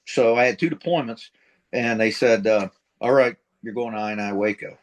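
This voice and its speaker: With a lowish voice at normal speed, an older man who served as a Marine and hails from middle America recounts his war and service experiences for an interviewer. He's casual, blunt and profane, performing the dialogue he quotes.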